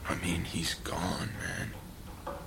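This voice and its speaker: A gravelly, rattled fisherman. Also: sits low, flat delivery, very slow, noisy background, exaggerated voice. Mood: insistent. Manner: rough, agitated storytelling with slang. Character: rough fisherman witness recounting a massacre. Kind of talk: audio drama acting.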